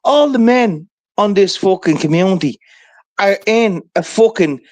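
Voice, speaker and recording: A man spins a long, rambling story in casual livestream chat, swearing freely and checking in with "right?" as he goes. His voice sits somewhat high for a man. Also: expressive, a little slow, a little mellow.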